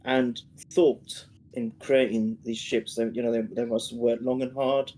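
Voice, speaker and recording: A British co-host with a mellow, warm mid-range voice. He talks slowly and earnestly and keeps restarting his sentences. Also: medium pitch, level tone, poor audio. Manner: slow, earnest, halting with restarts. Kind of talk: live review stream chat.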